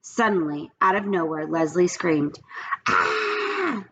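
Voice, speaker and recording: A woman's voice: on the low side, moderate pace, vocal fry. A woman reading a children's book aloud in a friendly storytelling manner, like a teacher talking to her class. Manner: friendly storytelling, addresses listeners as guys. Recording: dull lo-fi sound with faint noise.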